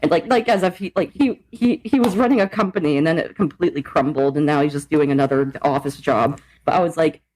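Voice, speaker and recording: A woman's voice: sits low, quick pace, hardly any pauses, darkish tone, a little hiss or hum, rough recording. A young adult woman co-hosting a podcast, chatting casually and laughing often, with lots of swearing. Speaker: podcast co-host. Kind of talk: casual chat.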